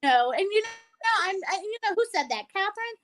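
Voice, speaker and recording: A woman's voice: extremely high pitch, very animated, a little fast, fairly bright tone, low-quality recording. A woman co-hosting a casual talk show, speaking earnestly and tearfully with many restarts. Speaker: co-host. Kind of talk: emotional casual chat.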